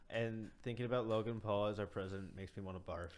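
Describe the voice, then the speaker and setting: A young man co-hosting a casual podcast chat, answering with dry, deadpan quips. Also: lowish voice, brisk. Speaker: podcast co-host.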